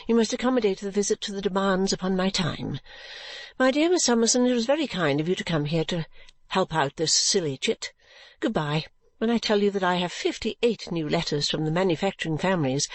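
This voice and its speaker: A calm, complacent middle-aged mother, dismissive and absorbed in her own work, read by a woman. She speaks slightly low and even, in a dry, close storybook voice. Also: a little fast, no echo, close to an everyday voice. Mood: serene dismissive.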